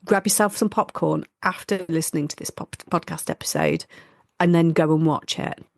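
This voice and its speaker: A woman, a nurse, co-hosting a podcast in a lively, chatty way. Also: deep voice, normal speed, creaky, dry recording, clean studio sound. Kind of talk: casual chat.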